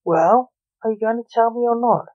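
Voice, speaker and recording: A man's voice: high-pitched, steady tone, unhurried, no room sound. A reader voicing an impatient, short-tempered father who rules the afterlife, snapping his lines over a narrow phone-like recording. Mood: angry.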